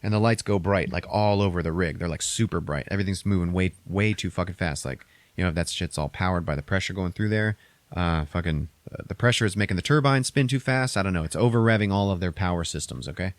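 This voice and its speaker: A man's voice: deep voice, fast, no room sound. A man casually recapping a movie on a podcast, rambling and profane, acting out characters' lines in a raised voice.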